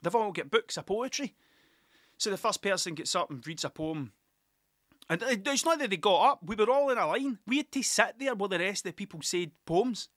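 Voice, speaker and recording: A man's voice: high-pitched, lively intonation, brisk, fairly bright tone, no echo, clean studio sound. A Scottish man, a musician, telling rambling, sweary stories about gigs in a casual monologue, often laughing at himself.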